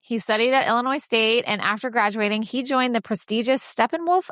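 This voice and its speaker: A woman hosting a podcast, telling stories in an animated casual chat and laughing often. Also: fairly high pitch, a little fast, no room sound, studio quality. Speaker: podcast host.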